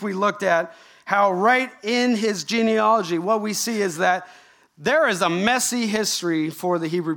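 Animated man preaching a sermon. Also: high-pitched. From Canada. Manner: animated storytelling with rhetorical questions. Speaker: pastor.

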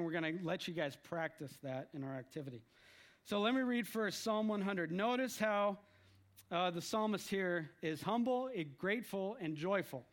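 Man, high voice, from the United States, preaching, lively, emphatic. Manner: lively, with acted quotes and emphatic lists. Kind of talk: sermon.

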